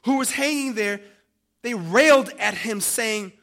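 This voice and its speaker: A man preaching a sermon, dramatic, swinging from loud emphasis to hushed tones and calling his listeners family. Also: high voice, a little slow.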